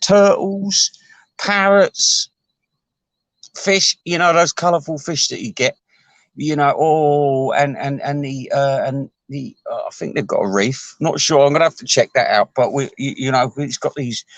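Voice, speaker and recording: A man chatting to his viewers in a rambling, sweary way, chuckling often and jumping his voice up high. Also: normal speed, no echo. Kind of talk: casual rambling chat.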